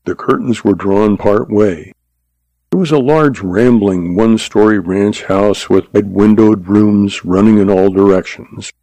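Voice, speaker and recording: A man narrates a Western tale at an even, measured pace. His low voice is gravelly and dark, with a mellow tone. The sound is dry and close, with no room echo. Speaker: audiobook narrator. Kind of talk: scripted narration of a Western story.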